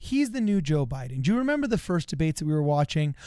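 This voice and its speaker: Higher-voiced young dude arguing his point over and over, dry close sound. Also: very animated, quick pace, dark tone, clear, resonant tone, no echo. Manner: insistent, keeps pressing his analogy. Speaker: political talk show co-host. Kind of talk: casual political debate chat.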